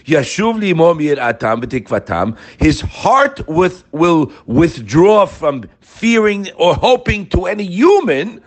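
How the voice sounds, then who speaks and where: Animated man giving a Torah class. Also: on the high side, slow, few pauses. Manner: animated, speaks to listeners as "guys", repeats key phrases. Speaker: Torah teacher.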